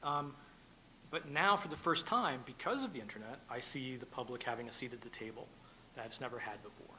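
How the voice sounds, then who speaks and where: A man speaking as a panelist at a policy event, halting, with many fillers and restarts. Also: medium pitch, lively intonation, bright, forceful tone, slight background noise, low-quality recording. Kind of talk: panel discussion. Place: conference room.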